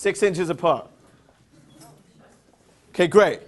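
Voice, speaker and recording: An English-accented man leads a lively motivational seminar in a high, bright voice. He keeps firing yes-or-no questions at the crowd and slips in teasing jokes. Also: takes it slowly. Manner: upbeat, drills the crowd with call-and-response questions. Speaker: seminar presenter. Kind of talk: interactive motivational seminar talk.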